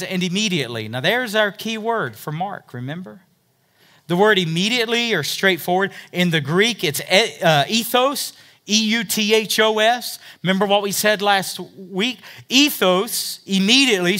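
Pastor, male, bright higher voice, preaching verse by verse, big swings from loud emphasis to hushed asides. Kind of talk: sermon.

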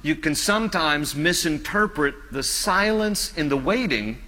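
A male pastor preaching a sermon in an earnest, pleading way, slowing down and dropping softer on key phrases. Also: on the high side, expressive, in a large hall.

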